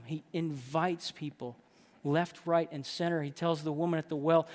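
A man's voice: a little high, normal speed, darkish tone. Emphatic man preaching a sermon. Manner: emphatic, rhetorical questions. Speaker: preacher to men.

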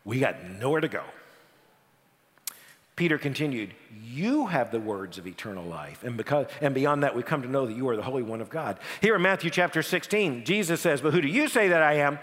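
A man preaching a sermon, animated, with dramatic pauses and frequent repeated words for emphasis. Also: medium pitch. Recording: long hall reverb.

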